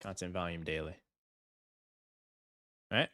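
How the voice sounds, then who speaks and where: A man's voice: deep voice, slow. A young man hosting a finance livestream, chatting casually with his viewers and laughing often. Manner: animated, chatty, talks to chat, laughs often.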